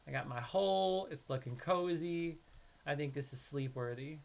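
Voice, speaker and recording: A man's voice: a little high, moderate pace, creaky. Chatty man streaming a game. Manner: chatty, talks to chat, bursts into loud excited yelps. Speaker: live streamer. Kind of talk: casual gameplay live-stream commentary.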